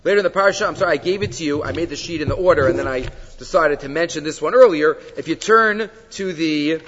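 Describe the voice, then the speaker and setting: High-voiced rabbi lecturing in an echoey hall. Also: male voice, fast. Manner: lively, storytelling, quoting and explaining texts. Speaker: rabbi teaching a class. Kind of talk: Torah class lecture. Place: classroom with handouts. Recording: dull lo-fi recording in a reverberant hall.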